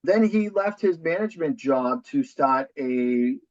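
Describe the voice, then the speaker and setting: A man's voice: on the high side, animated, a little slow, no echo. Man, forties, thick Boston accent, upbeat and talkative, dull muffled recording. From New Hampshire. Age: 40s. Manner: upbeat, talkative, self-deprecating. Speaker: podcast guest. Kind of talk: casual interview.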